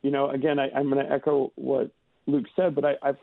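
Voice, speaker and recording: Over a phone line, a man who is a chef and co-owns a restaurant talks as a radio guest, halting often with fillers and restarts. His voice is medium in pitch, creaky, and delivered completely flat, and the recording sounds dry.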